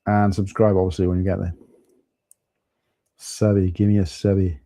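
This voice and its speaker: A man's voice: sits low, level tone, normal speed, dark tone, no room sound. A man with a Welsh accent, chatting casually with viewers as host of a live stream, calling them mate.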